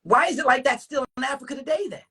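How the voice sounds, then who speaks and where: A woman with a husky voice, hosting a casual livestream and ranting in animated, profane talk full of rhetorical questions. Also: sits high, fast talker. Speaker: livestream host.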